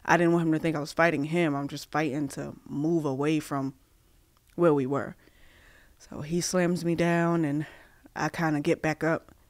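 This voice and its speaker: A woman from Massachusetts, a podcast guest, telling a personal story haltingly with many fillers and restarts, acting out the dialogue she quotes. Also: sits low, steady tone, no echo.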